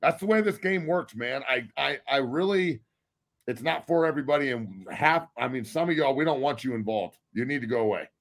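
Man, podcast guest, profane, blunt, emphatic, mid pitch. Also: expressive, brisk, a bit bright. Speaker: guest, former football player. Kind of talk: casual podcast debate.

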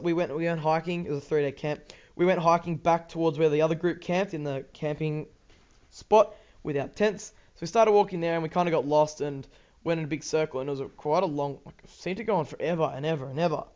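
Rambling Australian teen gamer, slightly high voice. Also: male voice, quick pace, a little mellow, highs cut off. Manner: rambling and distracted, swears, many ums and restarts. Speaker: gaming YouTuber. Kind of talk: casual gameplay commentary.

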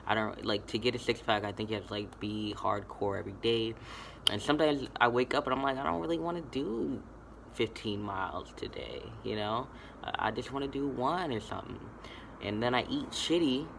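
A man's voice: on the low side, a little fast, creaky, fairly bright tone, slight background noise. A young man vlogging casually to camera, rambling and laid-back, full of fillers and swearing.

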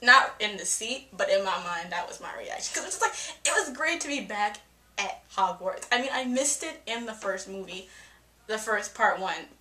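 A young woman giving a casual, profane movie reaction vlog, excitable and acting out her reactions. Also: mid-range voice, moderate pace. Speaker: film reviewer. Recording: echoey room.

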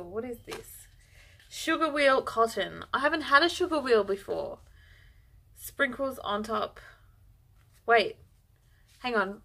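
A woman's voice: on the high side, fairly bright tone. A woman vlogger chatting through an unboxing, bubbly and gushing, easily overexcited. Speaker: yarn vlogger. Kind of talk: casual unboxing chat.

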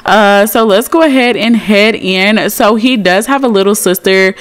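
A woman's voice: medium pitch, moderate pace, clear, resonant tone. Chatty young woman narrating a game. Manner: chatty, giggly, talks to viewers as y'all. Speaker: Sims let's play creator. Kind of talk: casual gameplay commentary.

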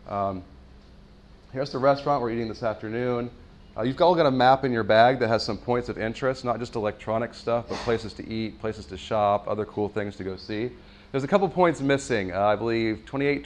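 Man giving a relaxed map briefing. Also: medium pitch. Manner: relaxed, pointing things out. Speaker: event organizer.

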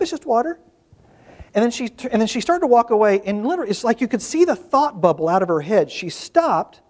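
A man speaking as a workshop presenter, telling stories to an audience in a conversational way with frequent restarts. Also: high-pitched. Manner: conversational storytelling with restarts and asides.

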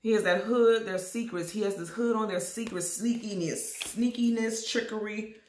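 Lady doing a tarot reading to camera, keeps coughing and clearing her throat, repeats stuff a lot, roomy echo. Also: mid-range voice, moderate pace, noisy background. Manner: repetitive, emphatic, addresses viewers directly. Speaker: tarot reader.

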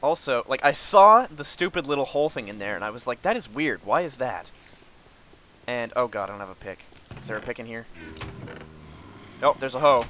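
A man's voice: medium pitch, lively intonation, fairly quick, slight background noise. Frustrated, sarcastic man playing a game. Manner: frustrated, sarcastic, sudden yells at monsters. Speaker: gamer. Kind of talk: let's play commentary.

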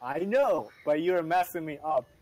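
Relaxed gamer guy, plain talk, voice a bit high. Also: moderate pace, no echo, poor audio. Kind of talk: casual gameplay chat.

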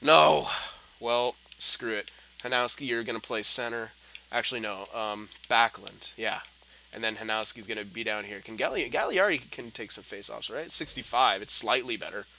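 Young guy doing game commentary, sharp bright voice, cussing and grumbling, yells at the screen. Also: medium pitch, normal speed, slight background noise. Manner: frustrated, swearing, muttering then yelling at the game. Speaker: gaming commentator. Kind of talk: gameplay commentary.

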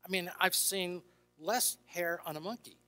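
Bright-voiced older man telling stories in a hall. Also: high voice, a little slow. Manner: animated, acts out dialogue in shifting voices. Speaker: Christian counselor and speaker. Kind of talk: storytelling talk to an audience. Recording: reverberant hall with faint music.

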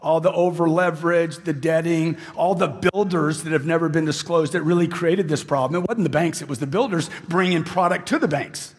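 A middle-aged man delivers a brash, punchy motivational seminar to a big crowd, his voice pitched high and a little husky. He mocks the people he quotes in a teasing tone. The sound carries a long reverb from the hall he speaks in. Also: brisk, few pauses. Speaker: sales speaker. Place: large hall with live audience. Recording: echoey hall recording.

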